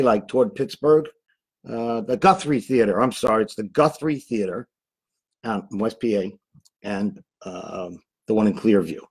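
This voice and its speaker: Husky-voiced male actor, rambling. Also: medium pitch, darkish tone, low-quality recording. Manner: loose, rambling, easily sidetracked. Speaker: guest actor. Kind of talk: casual chat.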